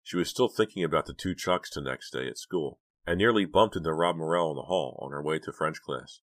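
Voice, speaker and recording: Deep-voiced male audiobook narrator. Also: a little fast, fairly bright tone. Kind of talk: scripted narration.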